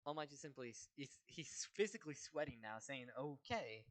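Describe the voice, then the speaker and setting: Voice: medium pitch, brisk. A person casually narrating a fan-fiction story in run-on chains, with some stammering restarts.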